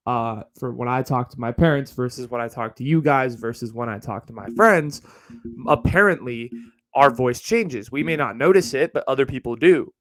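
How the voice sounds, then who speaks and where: A man's voice: medium pitch, normal speed, a bit bright, no echo, rough recording. A young man hosting his own podcast, rambling in a casual monologue with plenty of swearing and joking asides. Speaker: podcast host. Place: home recording setup with a ring light.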